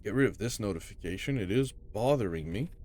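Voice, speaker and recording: A man's voice: on the low side, animated, a little fast, darkish tone, slight background noise. A man giving casual commentary while playing a game, chatty with muttered asides, on a desk microphone. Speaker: gamer.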